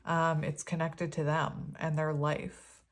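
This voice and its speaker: A woman reading tarot cards for viewers, chatty and gushing, with many pauses and restarts. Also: low voice, little pitch movement. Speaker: tarot reader. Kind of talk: pick-a-card tarot reading.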